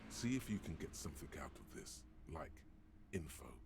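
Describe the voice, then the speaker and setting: Very deep gravelly mocking inner voice in a game, noisy game audio. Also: male voice, big pitch swings, moderate pace, full character voice. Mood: sardonic. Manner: dry, mocking asides. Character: gravelly, sardonic male inner-voice narrator of a detective's mind. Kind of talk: game voice acting.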